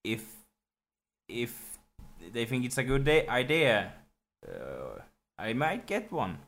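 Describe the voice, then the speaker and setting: Man, English, playful, bright voice, animated pitch. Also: slow pace. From Sweden. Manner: playful, joking, laughs often, hesitant restarts. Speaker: podcast co-host. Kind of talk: casual chat.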